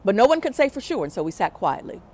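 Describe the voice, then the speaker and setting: A woman telling a personal story to an audience, animated and reflective, acting out the voices of people she quotes. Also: medium pitch, fast, a little hiss or hum. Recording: pre-recorded for a virtual event.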